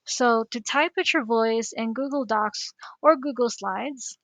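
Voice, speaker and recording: A woman with a somewhat high, gravelly voice walks teachers through a software tutorial step by step. Her tone is friendly and explanatory, and the close microphone sounds dry and free of room echo. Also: unhurried. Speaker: educational coach. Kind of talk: screen-recorded software tutorial.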